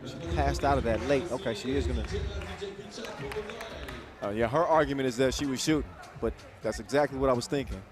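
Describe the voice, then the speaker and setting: A man calling a basketball game live, quick and jokey, with excited bursts on big plays. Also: mid-range voice. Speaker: play-by-play commentator. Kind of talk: live sports commentary. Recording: commentary over loud arena music and crowd.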